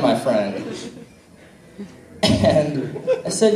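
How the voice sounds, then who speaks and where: A man's voice: fairly high pitch, sing-song, takes it slowly, long pauses, crowd noise. A young man from the American Midwest performing a stand-up set in a comedy club, telling crude stories and acting out dialogue. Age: young adult. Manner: casual, crude storytelling with acted-out dialogue. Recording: echoey room, mic heard from a distance.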